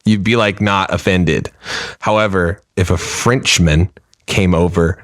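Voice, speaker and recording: A man's voice: sits low, fairly even intonation, unhurried, a bit bright, no room sound, studio quality. A man co-hosting a podcast in casual chat, jokey and swearing freely. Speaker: podcast co-host.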